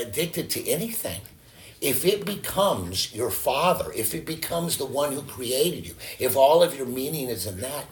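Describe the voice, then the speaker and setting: A man's voice: medium pitch, a bit bright, slight background noise. A man preaching as a pastor, telling a story in a conversational way with frequent restarts. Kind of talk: storytelling sermon.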